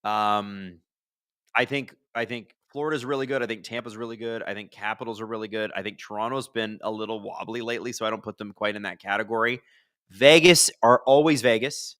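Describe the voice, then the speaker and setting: A man hosts a casual live hockey watch-along, rambling through viewer questions in a bright, forceful voice. The sound is close and dry, with no room around it. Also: mid-range voice, no echo. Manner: chatty, rambling, answers chat questions; bursts into excited shouts at big plays. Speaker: hockey livestream host.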